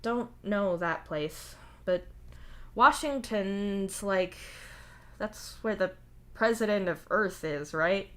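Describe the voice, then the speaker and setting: A woman voicing a wary, blunt male alien, raising her voice high when he yells. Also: takes it slowly. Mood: puzzled.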